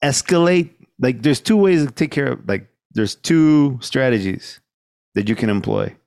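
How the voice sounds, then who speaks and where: A man's voice: mid-range voice, expressive, a little slow, gravelly, darkish tone, no echo, clean studio sound. A man co-hosting a podcast, chatting casually about a film, joking around and laughing often. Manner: loose and joking, laughs often, peppers speech with "man" and "dude". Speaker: podcast co-host.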